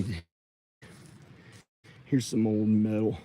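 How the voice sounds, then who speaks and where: A man rambling and joking casually to viewers as he clears out old junk. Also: on the low side, steady tone, measured pace, pauses often, background noise. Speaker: video creator.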